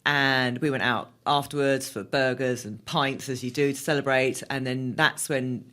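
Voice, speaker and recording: Lively middle-aged woman telling stories. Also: extremely low pitch, normal speed. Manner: animated, laughs often, colloquial. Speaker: guest. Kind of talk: casual interview storytelling.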